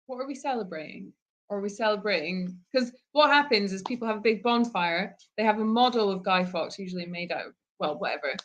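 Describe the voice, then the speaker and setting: A woman co-hosting a live Q&A from an animal sanctuary, talking softly and hesitantly, with many "um"s, and reading out viewer comments. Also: mid-range voice, lively intonation, brisk, muffled recording, a little hiss or hum. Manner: soft-spoken and hesitant, with many "um"s. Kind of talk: casual live-stream chat.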